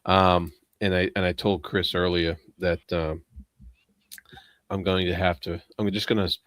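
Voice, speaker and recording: A man's voice: low-pitched, little pitch movement, unhurried, fairly bright tone, no room sound, studio quality. A man taking part in a casual book club discussion, rambling and hesitant, with many fillers, and laughing at himself.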